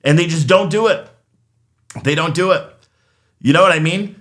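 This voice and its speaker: A man's voice: fairly high pitch, normal speed, fairly bright tone. A man hosting a casual political commentary show, rambling and sarcastic, with frequent laughs and restarts. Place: studio.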